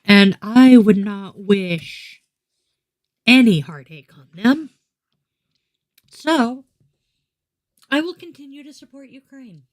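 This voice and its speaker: A woman's voice: medium pitch, lively intonation, slow pace, long pauses. A middle-aged woman live-streaming a daily tarot reading from home, chatty and meandering, with asides to her pets. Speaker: tarot reader and yoga teacher.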